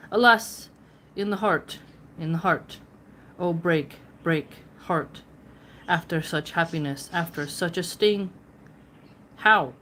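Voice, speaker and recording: A woman reading the words of an old male sage who muses aloud to himself, with slow, measured delivery. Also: on the low side, slight background noise.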